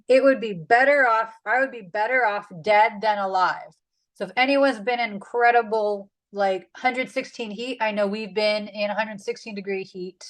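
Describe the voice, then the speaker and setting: A woman's voice: medium pitch, a bit bright, low-quality recording. A woman leading a casual Bible study, chatty and full of fillers. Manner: chatty, with many "like"s and "um"s.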